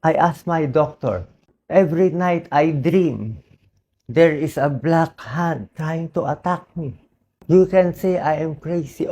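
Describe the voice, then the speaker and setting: A hoarse-voiced doctor with a Filipino accent delivers an earnest, emotional personal monologue, moving between English and Tagalog. His voice is on the high side and warm in tone.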